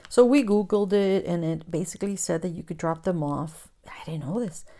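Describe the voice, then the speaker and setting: With a warm, lowish voice at a normal pace, the woman chats casually while crafting for her viewers. Storytelling comes naturally to her; she calls everyone "guys" and occasionally whispers.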